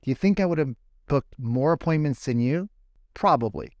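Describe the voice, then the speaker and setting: A man's voice: fairly high pitch, animated, normal speed, darkish tone, no room sound, studio quality. A middle-aged man, a guest sales coach, talks through anecdotes and rhetorical questions and often acts out the other side of a conversation. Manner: fires rhetorical questions and acts out dialogue in quoted voices.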